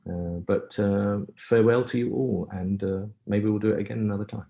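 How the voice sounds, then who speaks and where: A man's voice: on the low side, steady tone, brisk, vocal fry, mellow, highs cut off. A man who composes for film, answering questions in a webinar in a reflective, wry and self-deprecating way over a video call. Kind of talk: webinar Q&A talk.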